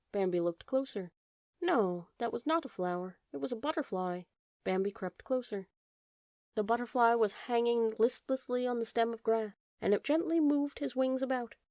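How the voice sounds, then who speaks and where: A woman's voice: on the high side, normal speed, a little mellow, dry recording, studio quality. Woman reading a fairy tale aloud. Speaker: audiobook narrator. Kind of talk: scripted storybook narration.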